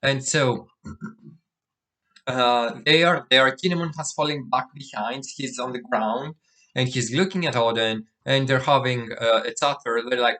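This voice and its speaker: A man casually recapping a comic chapter aloud, halting, with many fillers and restarts and the odd throat clear. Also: mid-range voice, pushed and bright. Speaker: manga chapter recap host. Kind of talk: casual spoken recap with read-out dialogue.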